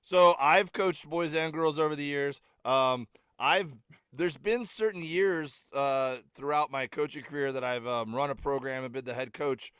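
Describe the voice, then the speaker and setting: A man's voice: on the high side, a little slow, clear, resonant tone, no room sound. A middle-aged man, a comedian guest, telling stories in casual podcast chat, full of fillers and acted-out quotes. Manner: animated storyteller, filler-heavy, acts out quotes.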